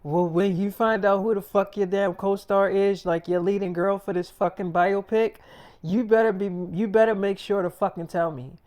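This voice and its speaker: A man's voice: high-pitched, fairly even intonation, moderate pace, a little mellow, lightly acted. A man quoting a bossy, foul-mouthed young wife in a demanding, blunt way, barely changing his own voice.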